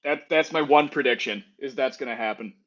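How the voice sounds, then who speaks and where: A man's voice: medium pitch, fairly quick, fairly bright tone, muffled recording. A man with a Midwestern accent, a guest on a casual stream, blunt and swearing freely. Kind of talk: casual reaction-stream chat.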